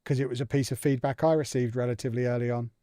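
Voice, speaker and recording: An English man talks loosely and reflectively on a live game stream, reacting to the game as he goes. His voice sits at an ordinary middle pitch. The sound is close and dry, with no room around it. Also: steady tone, very fast, mellow, no echo. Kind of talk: casual live-stream chat while gaming.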